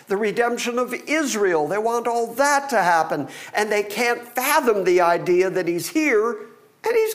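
A middle-aged man preaching a sermon and reading Bible passages aloud, animated and acting out the people in the story. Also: sits high. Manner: animated, acts out the disciples. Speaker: pastor.

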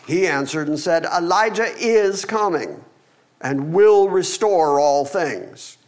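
Animated man preaching a sermon. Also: a little high, takes it slowly. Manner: animated, acts out the disciples. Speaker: pastor. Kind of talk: sermon with Bible reading.

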